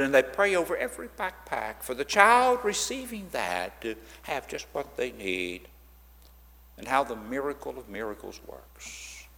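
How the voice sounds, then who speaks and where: Animated man telling church stories in a hall. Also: medium pitch, creaky. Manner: animated storyteller who acts out quoted voices. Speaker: ministry speaker at a church. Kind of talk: storytelling church talk. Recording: long reverb of a large hall.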